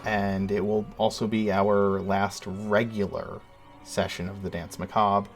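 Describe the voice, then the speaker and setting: A man's voice: on the low side, flat delivery, measured pace, faint music behind. A man running a tabletop game as dungeon master, talking casually and easygoing, with fillers. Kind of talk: casual live-stream game talk.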